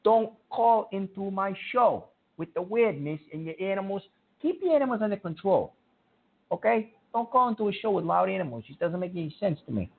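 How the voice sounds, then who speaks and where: A high-pitched man hosts a call-in radio show, his voice rough with gravelly fry. He rants and scolds callers with quick irritation. The sound is thin and narrow, like a phone line. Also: expressive.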